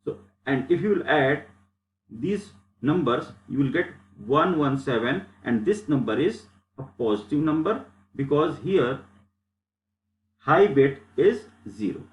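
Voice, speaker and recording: A man's voice: a little high, expressive, measured pace, roomy sound, lo-fi sound. A man teaching a lecture over slides, explaining step by step and often repeating himself.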